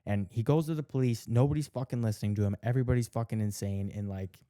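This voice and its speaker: A male podcast co-host with a warm, mid-range voice talks fast while casually retelling a show's plot. He swears heavily, leans on "like" constantly, and acts out the characters' lines. The recording is dry and studio quality.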